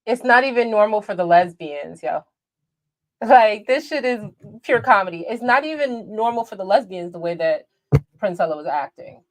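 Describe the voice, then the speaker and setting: A woman's voice: mid-range voice, animated, moderate pace. A woman hosting a livestream, reacting to a video with brash, profane and theatrical outrage. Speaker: livestream commentary host.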